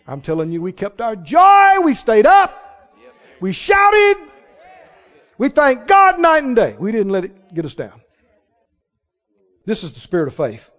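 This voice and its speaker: A man's voice: very high voice, huge pitch swings, a little slow, long pauses, a bit bright. A man preaching a sermon with emphatic delivery, calling on the congregation to respond. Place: church sanctuary. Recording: dull sound in a large reverberant hall.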